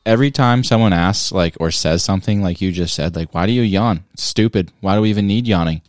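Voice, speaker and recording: Very deep-voiced playful male podcast co-host. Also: quick pace, dry recording, studio quality, faint music behind. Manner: playful, rambling trivia explanations. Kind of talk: casual chat.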